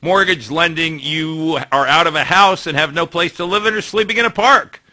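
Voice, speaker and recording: A male talk show host with a high, very bright and cutting tone. He steers the banter briskly and adds wry asides as he moves through each segment. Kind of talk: casual talk radio banter.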